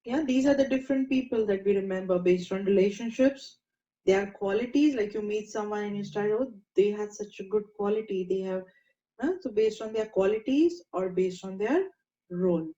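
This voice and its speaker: A woman teaching a meditation class, gentle and coaxing, asking the group questions. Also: medium pitch, normal speed. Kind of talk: spiritual class talk. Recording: dull lo-fi sound in an echoey room.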